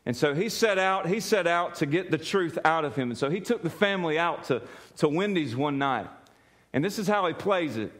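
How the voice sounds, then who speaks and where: A man preaching a sermon, telling a story in an animated way, often laughing and repeating words as he goes. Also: fairly high pitch, normal speed. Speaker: pastor.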